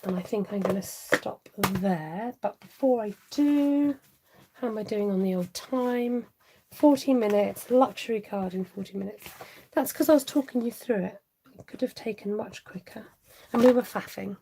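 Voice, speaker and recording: Middle-aged woman, chatty live craft demo host, mellow tone with gravelly edges. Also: mid-range voice, moderate pace, a little hiss or hum, low-quality recording. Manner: chatty, laughing, reads viewer comments aloud. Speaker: stamping craft demonstrator. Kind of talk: live-stream craft tutorial chat.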